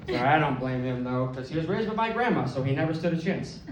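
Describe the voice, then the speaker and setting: Animated stand-up comedian, man. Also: mid-range voice, very noisy. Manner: deadpan storytelling, animated punchlines. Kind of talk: stand-up set. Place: comedy club. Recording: roomy club, distant mic. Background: audience laughter.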